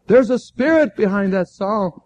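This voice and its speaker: Unhurried and high-voiced, a man delivers a sermon through lively storytelling, performing the dialogue with fervent exclamations.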